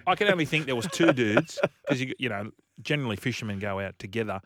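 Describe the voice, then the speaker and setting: A man's voice: mid-range voice, lively intonation, quick pace, a bit bright, slight background noise. A man with an Australian accent co-hosting a comedic radio show, spinning jokey stories with laughter. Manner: laughing, storytelling, slips into silly voices. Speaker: radio co-host.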